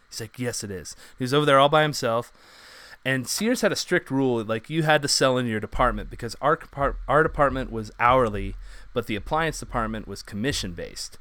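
Smooth-voiced man telling a rambling story. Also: mid-range voice, a bit bright. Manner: rambling anecdotes with many fillers. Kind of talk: casual chat, storytelling.

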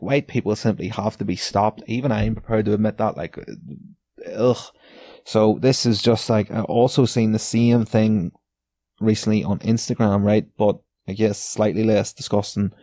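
A man riffs alone on his podcast in a loose, sardonic rant, cursing freely and chuckling at his own jabs. His voice sits on the low side with a warm, mellow tone, and the recording is close and dry. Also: fairly even intonation, moderate pace, dry recording. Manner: sweary, sardonic, laughs between lines. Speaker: podcast host. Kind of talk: casual solo rant.

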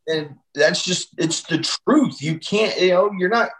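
Male podcast guest, earnest and direct, advice-giving tone, slightly high voice. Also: expressive, measured pace, fairly bright tone, slight background noise, rough recording. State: married. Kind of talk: candid faith podcast conversation.

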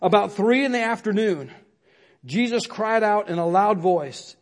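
A man preaching as pastor at a service, earnest and building phrase on phrase, with his voice dropping low at the end of lines. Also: unhurried. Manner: earnest, repeats phrases for emphasis, drops low at line ends. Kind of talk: sermon.

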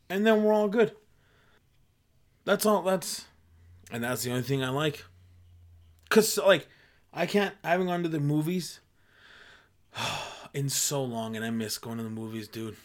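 A man's voice: fairly high pitch, a little slow, long pauses. A man in a casual comedic rant, exasperated, peppering his talk with "dude" and "like" and switching between English and Spanish.

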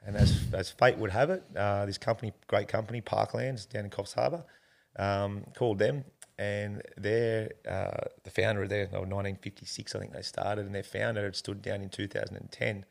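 This is an Australian man in a casual interview, his voice sitting very low with a rough, gravelly edge. He tells a long personal story in an earnest, rambling way, often calling the host mate. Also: steady tone, fairly quick. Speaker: interview guest.

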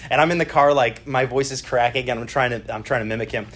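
Husky-voiced middle-aged male pastor. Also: medium pitch, steady tone, quick pace, fairly bright tone. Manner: chatty, keeps checking in with the congregation. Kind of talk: conversational sermon. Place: church service.

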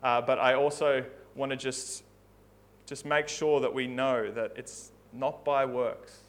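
A man's voice: mid-range voice, fairly even intonation, slow. A man preaching a sermon in a church, earnest and conversational, often restarting his phrases. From Australia. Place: church hall.

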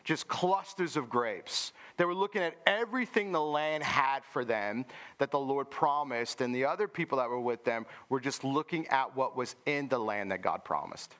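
A man's voice: mid-range voice, moderate pace, fairly bright tone. A man preaching a sermon in an informal, conversational way, often asking listeners rhetorical questions.

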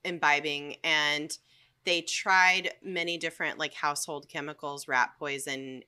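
A young woman co-hosting a podcast in casual chat, telling the story in a halting, rambling way with many ums. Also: sits low, steady tone, sharp tone, clean tone. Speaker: podcast co-host.

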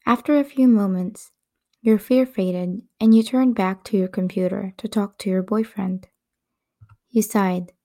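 A woman host reading a fan-fiction story aloud in calm, measured scripted narration. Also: mid-range voice.

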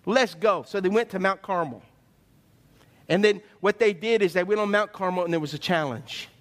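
A man preaching a sermon as pastor, animated and conversational, asking his listeners questions. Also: sits high, moderate pace.

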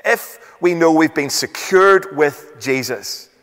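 Man, preacher, sermon, emphatic, rhetorical questions, slightly high voice, long reverb. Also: animated, slow, a bit bright. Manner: emphatic, rhetorical questions, reads scripture aloud.

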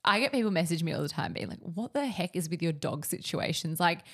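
A young woman co-hosting a casual podcast chat, talking fast and laughing often with lots of fillers. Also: lowish voice, expressive, a bit bright, husky. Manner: chatty, laughing, filler-heavy. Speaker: podcast co-host, nutritionist.

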